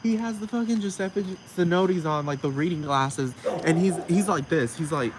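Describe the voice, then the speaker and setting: Against a noisy backdrop of crickets at night, a man rants to camera, sassy and swearing constantly, breaking into frequent laughter. His voice is fairly high-pitched at a normal speed.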